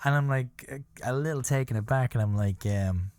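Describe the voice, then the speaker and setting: A man hosting a podcast, telling a story about a coworker in a rambling, halting way and often laughing at his own tale. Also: mid-range voice, very animated, a little mellow, no room sound. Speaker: podcast host. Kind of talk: casual storytelling monologue.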